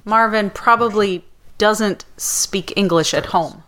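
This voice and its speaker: A woman's voice: medium pitch, slow pace, a bit bright. Chatty woman podcast co-host. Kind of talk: casual podcast banter.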